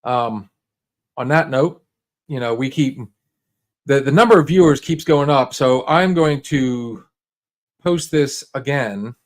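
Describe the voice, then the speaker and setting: A man's voice: mid-range voice, slow, pauses often. A man hosting a casual livestream, talking straight to viewers in a laid-back, rambling way full of restarts and fillers. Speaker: livestream host.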